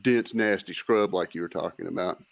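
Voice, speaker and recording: Low-voiced intense man, lo-fi line. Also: moderate pace, gravelly. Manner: intense, searching, self-doubting. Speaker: podcast guest. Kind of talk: casual chat. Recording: dry, dull lo-fi line.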